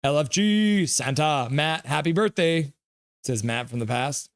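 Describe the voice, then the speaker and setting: A young man on a live stream, calling hockey play and reading chat aloud with excitable, goofy delivery. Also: a little high, measured pace, smooth.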